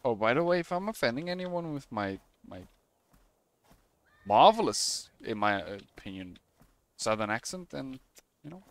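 A man giving excitable let's play commentary, swearing and letting out sudden shouts. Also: medium pitch, moderate pace, pauses often, no room sound. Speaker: gamer.

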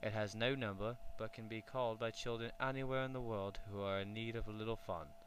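A man's voice: lowish voice, steady tone, fairly quick, a bit bright, a little hiss or hum, lightly acted, poor audio. A man voicing a cheerful magical duck from London with a put-on British accent, in a storybook reading. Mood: jolly.

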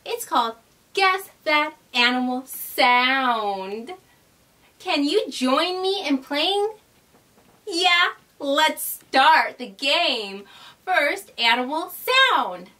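A young woman hosting a toddlers' learning video, speaking with gentle, exaggerated cheer, gasping and imitating animal sounds. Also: high-pitched, expressive, extremely slow, far from the mic. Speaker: children's educational video host. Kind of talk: teaching toddlers, slow and sing-song.

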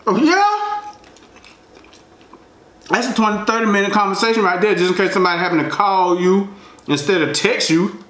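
A man's voice: sits high, steady tone, quick pace, a bit bright, slight background noise. A man chatting casually between bites in a mukbang, slangy and laid-back. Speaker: food vlogger. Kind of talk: casual mukbang chat while eating. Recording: roomy echo.

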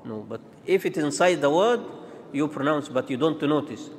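A man teaching Quran pronunciation, demonstrating and contrasting letter sounds in a halting, repetitive way. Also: fairly high pitch, lively intonation, a little hiss or hum. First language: Arabic. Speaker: tajweed teacher. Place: large mosque hall. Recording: long reverb of a large hall.

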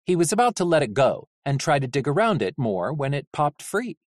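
An audiobook narrator reading a novel in an expressive, animated way. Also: mid-range voice, fairly quick, no room sound, studio quality.

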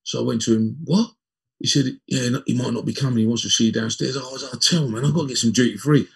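A man in his fifties, a former footballer, telling lively anecdotes as an interview guest and acting out the dialogue. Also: medium pitch, quick pace, creaky, slightly rough. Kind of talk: conversational storytelling in an interview.

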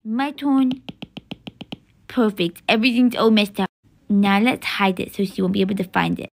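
A woman voicing a mischievous young boy twin in a toy-game role-play. He speaks eagerly and loudly and pushes his sister to join his pranks. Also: medium pitch, fairly even intonation, normal speed, creaky. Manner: eager, loud and pushy.

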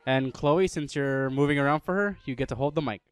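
A man hosting a casual gaming video, quickly introducing the players. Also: mid-range voice, smooth, no room sound. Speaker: channel host.

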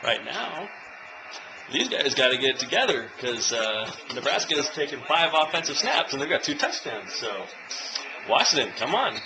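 Excitable young man cheering at football. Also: mid-range voice, normal speed. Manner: swings from quiet chat to loud cheering shouts. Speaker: fan filming himself watching a game. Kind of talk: casual vlog, reacting to live football. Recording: noisy home video recording.

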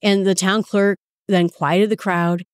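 A woman's voice: medium pitch, level tone, unhurried, no room sound, clean studio sound. A woman hosting a Bible study podcast, talking through scripture in a casual, conversational way with chatty asides and self-corrections.

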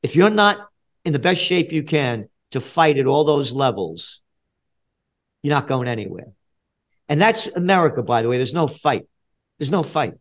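A man in his seventies from the Bronx with a New York accent, a guest in a podcast interview, talking bluntly and profanely, dropping low then getting loud. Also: sing-song, moderate pace, pauses often. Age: 70s. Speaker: guest, trend forecaster.

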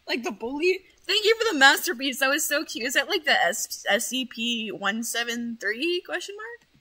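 A woman streamer chatting casually, excitable and full of swearing as she rambles. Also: sits high, normal speed. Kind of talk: casual livestream chat.

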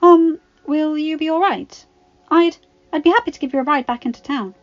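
A woman's voice: high voice, normal speed, muffled recording, pitched above the performer's own voice, lightly acted. A woman voicing a polite, earnest young heroine in a storybook reading.

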